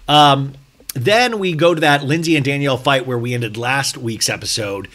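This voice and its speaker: A man hosting a solo TV recap podcast, joking and irreverent, talking fast and swearing casually. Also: medium pitch. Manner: fast, animated, breaks into mocking impressions. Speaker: podcast host.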